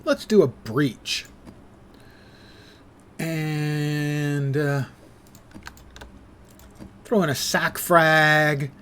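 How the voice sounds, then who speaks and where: A man's voice: fairly high pitch, extremely slow, pauses often, a bit bright, smooth. A man in his sixties streaming a game and chatting casually, with dry, self-mocking asides. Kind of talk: casual live gameplay chat.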